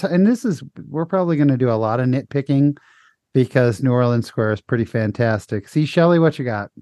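A man's voice: mid-range voice, darkish tone, no room sound. A man hosting a podcast discussion, upbeat, calling on each panelist in turn. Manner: upbeat, steers the discussion, calls on guests. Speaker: podcast host. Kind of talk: casual chat.

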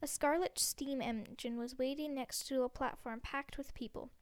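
A woman reading a novel aloud at a steady pace, often slipping on words and restarting them. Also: high voice, normal speed, no room sound. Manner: steady, with frequent slips and restarts. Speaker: reader.

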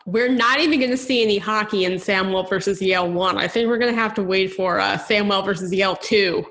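A young woman co-hosts a podcast in a loose, chatty way, working out her thoughts as she goes. Her voice sits at an everyday middle pitch. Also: a little fast, a bit bright. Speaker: podcast co-host. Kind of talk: casual podcast chat.

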